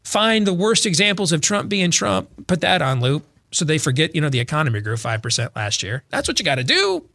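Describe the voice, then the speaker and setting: In a pushed, bright voice with big pitch swings, a male talk show host talks briskly and barely pauses. He mocks people in comedic political talk by sarcastically paraphrasing them, jumping into sudden high impressions.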